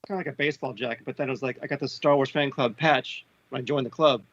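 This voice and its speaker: A man's voice: mid-range voice, fairly even intonation, fast, fairly bright tone, dull audio, a little hiss or hum. A man appearing as a guest on a live stream, reminiscing in a laid-back, casual way.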